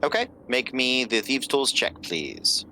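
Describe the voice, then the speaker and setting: A man's voice: mid-range voice, very animated, measured pace, sharp tone, a little hiss or hum. A man narrating as game master of a tabletop game, loose and apologetic, with lots of fillers.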